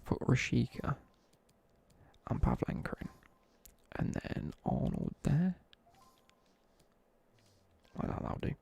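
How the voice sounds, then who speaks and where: Gravelly, husky young man. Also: medium pitch, huge pitch swings, slow, long pauses, mellow. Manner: rambling storytelling with asides. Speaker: streamer. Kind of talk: casual chat while gaming.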